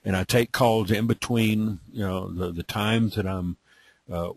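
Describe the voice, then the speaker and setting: A man's voice: lowish voice, slightly rough, no room sound. A middle-aged man from Texas with a light Texas accent hosts a live training webinar, talking in a drawling, repetitive way and often asking "okay?". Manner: repetitive, drawling, many "okay?" check-ins. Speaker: webinar host.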